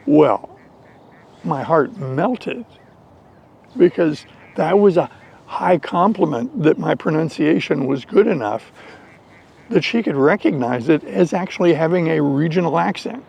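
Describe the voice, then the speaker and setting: An American man telling a story slowly and deliberately in an English lesson for learners. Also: a little high. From United States. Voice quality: gravelly. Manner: slow, deliberate, animated storytelling. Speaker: English teacher.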